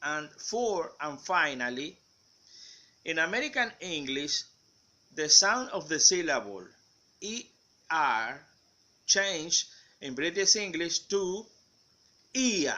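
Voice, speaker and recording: Male student presenter, Spanish native, slow measured delivery, slightly high bright tone. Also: lively intonation. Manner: reads word lists in measured steps. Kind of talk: slow reading of word examples.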